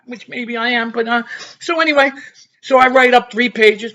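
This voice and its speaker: A vlogger in his 50s spins a rambling story from his own life in a high, bright, forward voice, steady in tone and at normal speed. He keeps throwing in "you know" and chuckling between sentences.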